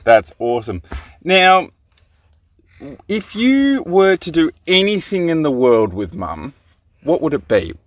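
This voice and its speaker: A woman with a strikingly low voice hosts a radio-style show, chatting playfully with young children. Her delivery is upbeat and coaxing, swinging widely up and down in pitch. The recording is dry and close, with no room sound. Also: big pitch swings, takes it slowly, pauses often, dry recording. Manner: upbeat, coaxing, laughs often.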